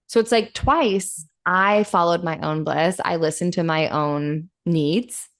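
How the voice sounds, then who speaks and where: Woman podcast host, slightly low voice, animated storyteller who acts out quotes and swears casually. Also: slow pace.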